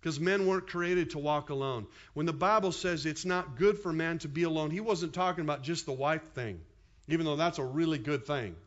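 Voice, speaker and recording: A man in his fifties preaching a sermon as pastor, in an animated, conversational way with quick asides to the congregation. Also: fairly high pitch, muffled recording.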